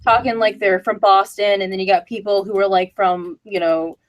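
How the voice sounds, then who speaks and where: A woman's voice: medium pitch, steady tone, normal speed, lo-fi sound. A woman hosting a casual live-stream chat with her cast, talking in a loose, chatty way full of fillers. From outside America. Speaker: host and voice director.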